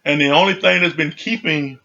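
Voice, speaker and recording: A man's voice: fairly high pitch, a little fast, vocal fry, sharp tone, muffled recording. A man giving a casual, conversational recap of a reality show, full of "you know" and "like".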